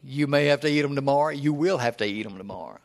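A man's voice: mid-range voice, expressive, fast talker. A man in his seventies preaching a folksy sermon, telling personal stories in a homespun, chuckling way. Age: 70s.

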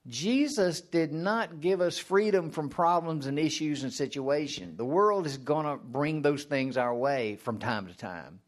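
A man's voice: animated, measured pace, few pauses. Man preaching a chatty sermon. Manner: conversational, asks the listeners questions and answers them; acts out mock prayers in a high strained voice.

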